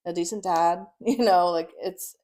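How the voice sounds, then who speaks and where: A young woman, a podcast guest, telling her own story in a blunt, profane, animated way and laughing often. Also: fairly low pitch, measured pace. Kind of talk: casual storytelling.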